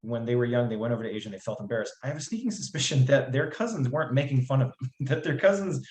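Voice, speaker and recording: An American man talks at a middling pitch, working his way through his ideas with many restarts. His voice carries a roomy echo from the space around him. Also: rapid-fire, darkish tone. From United States. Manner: thoughtful, rambling, many restarts and fillers. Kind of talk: casual podcast chat.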